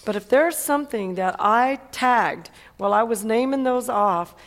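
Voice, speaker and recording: A woman's voice: on the high side, moderate pace. A woman preacher delivering an emphatic sermon, repeating phrases and asking "Amen?" often. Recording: long hall reverb.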